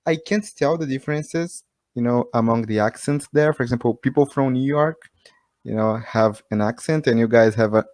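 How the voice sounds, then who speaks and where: A man whose first language is Portuguese, speaking English on a video call as a learner. He hesitates and repeats words, often breaking into light laughter. His mid-pitched voice sounds dry and close. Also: normal speed, darkish tone, no room sound. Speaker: English learner, channel host. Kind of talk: casual video-call chat.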